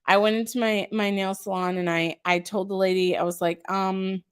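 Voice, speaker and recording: A chatty woman hosts a casual live stream for her craft shop, gushing over each item and filling pauses with ums. Her voice sits at a middling pitch for a woman, and she talks straight to her viewers as she reads their comments aloud. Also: little pitch movement, smooth. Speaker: craft shop owner hosting a live sale.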